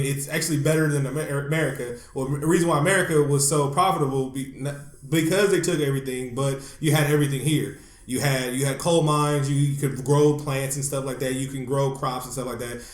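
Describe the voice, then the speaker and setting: A man co-hosting a podcast, ranting in casual chat, animated and profane, laughing as he talks. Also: on the high side, roomy sound. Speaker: podcast co-host.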